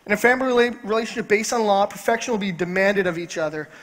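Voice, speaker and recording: High-voiced man preaching in a reverberant church. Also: fairly bright tone. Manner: emphatic, repeats key phrases slowly. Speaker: pastor. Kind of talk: sermon. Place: church sanctuary. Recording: long church hall reverb.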